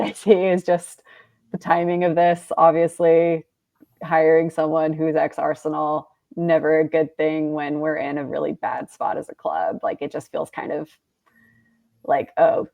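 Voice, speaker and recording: A woman's voice: low-pitched, creaky, darkish tone, dry recording. A woman co-hosting a casual football podcast, talking in a hesitant way with fillers. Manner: hesitant, with fillers and light laughs. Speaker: podcast co-host.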